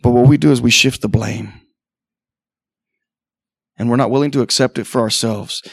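A middle-aged man preaching an impassioned sermon in church, asking rhetorical questions and acting out dialogue, often rising to near-shouts. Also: mid-range voice, fairly even intonation, moderate pace, gravelly, no echo. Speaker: pastor. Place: church sanctuary.

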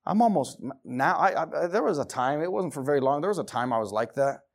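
High, animated male preacher. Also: fairly quick. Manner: impassioned, rhetorical questions; shouts at peaks, drops to hushed tones. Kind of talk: sermon.

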